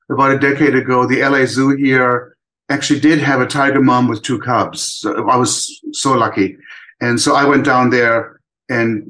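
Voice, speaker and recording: A man's voice: medium pitch, a bit bright, low-quality recording. An older man from Germany with a German accent, speaking as an animator guest in a casual interview, thoughtful and full of restarts. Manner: thoughtful, many restarts and fillers.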